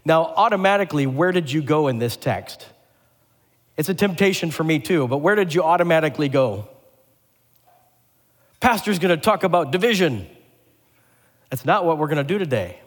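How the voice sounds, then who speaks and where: A pastor delivering a lively sermon, asking the congregation questions and joking with them. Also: male voice, fairly high pitch, a little fast. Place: church sanctuary. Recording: long hall reverb.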